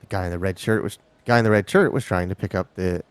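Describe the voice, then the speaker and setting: A man's voice: low-pitched, quick pace, clean tone. A man streaming a game live, reading the characters' lines aloud and sometimes stumbling over words.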